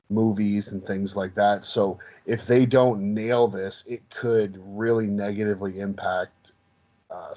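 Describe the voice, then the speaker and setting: A man's voice: lowish voice, a little mellow, rough recording. A man co-hosting a casual podcast, talking in a hesitant way with frequent restarts. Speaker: podcast co-host.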